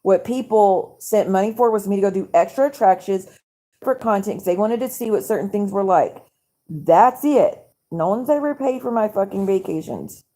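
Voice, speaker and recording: A woman's voice: mid-range voice, expressive, moderate pace, warm tone. Angry woman ranting on a live stream. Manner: angry, profane, rambling rant to viewers. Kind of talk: venting casual live stream. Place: home at night.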